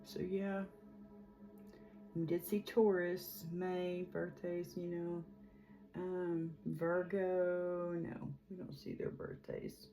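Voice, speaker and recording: A woman's voice: fairly low pitch, level tone, takes it slowly, dark tone, faint music behind. A woman in her forties giving a casual, chatty tarot reading, rambling with lots of fillers. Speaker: tarot reader.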